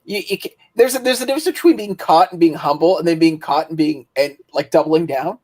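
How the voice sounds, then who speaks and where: A woman from Canada co-hosting a livestream, chatty and laughing as she tells stories in casual talk, now and then in quick bursts. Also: deep voice, warm tone. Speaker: livestream co-host. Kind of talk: casual storytelling chat.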